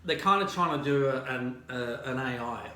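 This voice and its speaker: A man's voice: mid-range voice, normal speed, bright, forceful tone, reverberant, a little hiss or hum. A man with an Australian accent, co-hosting a casual chat and explaining at length with many fillers. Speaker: co-host.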